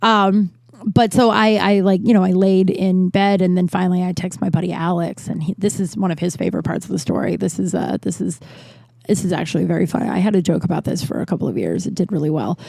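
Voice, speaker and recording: A woman's voice: lowish voice, fast talker, gravelly, darkish tone, no room sound. A woman comedian in her thirties hosting her own podcast, telling personal stories in a rambling, candid, self-deprecating way and swearing freely. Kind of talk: casual storytelling monologue.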